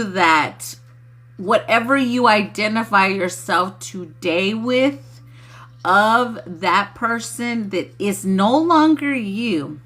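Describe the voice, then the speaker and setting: A woman talks loosely to her livestream viewers, laughing often between thoughts. Her voice has a bright, forward edge. She takes her time and speaks at an unhurried pace. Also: mid-range voice. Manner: laughs often, loose and chatty, says y'all. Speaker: spiritual channeler on a livestream. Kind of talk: casual livestream talk.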